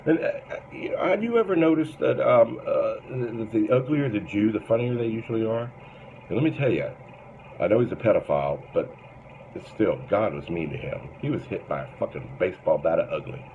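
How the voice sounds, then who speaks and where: Deep-voiced man ranting on a tinny line. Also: expressive, a little fast, gravelly. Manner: crude, blustering, mock-bigoted character. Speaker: host. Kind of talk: comedic monologue and rant. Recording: tinny phone-like lo-fi sound with faint noise.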